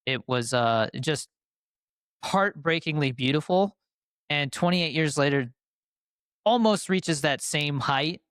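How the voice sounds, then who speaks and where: Smooth-voiced man chatting about films. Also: on the high side, expressive, slow, long pauses, fairly bright tone, no echo, studio quality. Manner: rambling, filler-heavy, enthusiastic. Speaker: podcast co-host. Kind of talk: casual film review chat.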